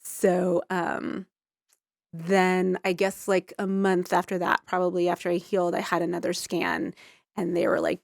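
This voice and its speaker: Gravelly-voiced woman telling a story. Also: on the low side, measured pace, no room sound, clean studio sound. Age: 40s. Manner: rambling, full of "like" and restarts, animated. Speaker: interview guest. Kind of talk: casual storytelling interview.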